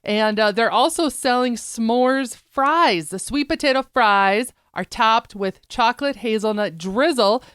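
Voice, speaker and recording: A woman's voice: fairly high pitch, a little slow, hardly any pauses, fairly bright tone, smooth, no echo, studio quality. A woman co-hosting a casual talk show, chatting upbeat and reading out news items. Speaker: co-host.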